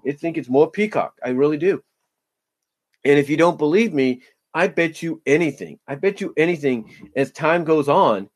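A man giving casual solo commentary on a podcast, rambling with many fillers and repeating himself. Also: fairly high pitch. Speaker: wrestling commentator.

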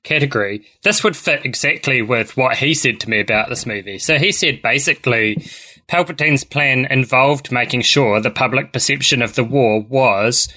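A man co-hosting a podcast, chatting in a wry, animated way and laughing easily. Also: mid-range voice, moderate pace. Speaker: podcast co-host. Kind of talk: casual chat.

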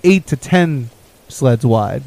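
A young man telling a winter trip story on a podcast in an everyday mid-pitched voice. He rambles casually and chuckles as he goes. His voice often trails off quietly at the ends of phrases. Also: animated, slow, creaky, no echo, poor audio. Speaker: podcast co-host.

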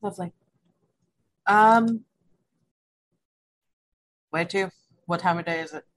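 Female player, low voice, playful casual chat at the game table. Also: takes it slowly, rough recording. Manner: laughing, playful, eager.

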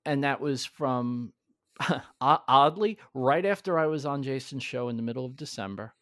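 A man's voice: mid-range voice, a bit bright, no room sound. Earnest man, dry close sound. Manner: earnest, halting with restarts. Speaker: podcast guest. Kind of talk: candid conversational storytelling.

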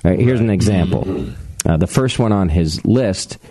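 Low-voiced man hosting a casual chat. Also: normal speed, slightly rough. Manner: relaxed, hedging, explains pronunciations. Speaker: podcast host reading listener mail.

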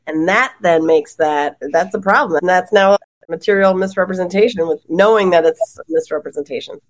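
A woman law professor on a podcast panel, talking in animated quick bursts and often laughing. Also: medium pitch. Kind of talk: podcast roundtable discussion.

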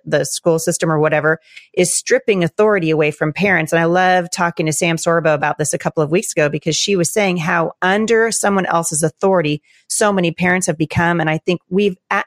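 Woman, podcast host, low pitch, dry sound, passionate. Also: no echo. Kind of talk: conversational podcast interview.

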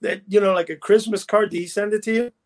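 Rambling, high-voiced man telling stories. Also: fairly even intonation, quick pace. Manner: rambling storyteller, restarts, laughs at his own stories. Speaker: podcast co-host. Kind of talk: casual chat.

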